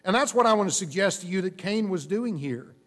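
A man preaching a sermon, explaining scripture in a measured, teaching way with frequent restarts. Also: sits high, lively intonation.

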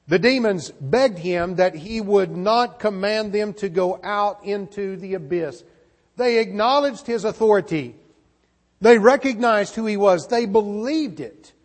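A man with a notably high voice delivering an earnest sermon, stumbling over and repeating words as he goes. His voice rings out with a long hall reverb behind it. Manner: earnest, frequent word repeats and restarts. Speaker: preacher.

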